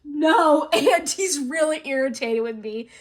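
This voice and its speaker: High-pitched woman, giggly solo role-play narrator, rambling and self-aware. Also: a little slow, noisy background. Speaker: solo tabletop role-player.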